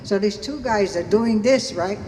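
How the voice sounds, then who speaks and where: A woman telling lively stories and a joke to a memorial crowd, acting out the voices of the people in them. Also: mid-range voice, unhurried, a little hiss or hum. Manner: animated storyteller, acts out voices. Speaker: guest speaker at a memorial. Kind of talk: storytelling a joke. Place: outdoor beach gathering on a sound system. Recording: echoey public address with long reverb.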